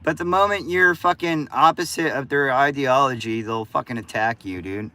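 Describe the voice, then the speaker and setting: A man's voice: mid-range voice, normal speed, pushed and bright. A man live-streaming, talking casually with his viewers in a profane, combative rant. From United States. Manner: profane, combative ranting at chat. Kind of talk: casual livestream chat with viewers.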